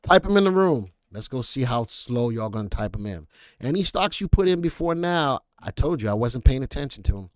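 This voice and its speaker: A man hosts a live stock analysis stream, offering casual market commentary, reading viewer chat aloud, and cracking jokes between picks. His mid-range voice is lively and a little fast. The recording is dry and studio quality.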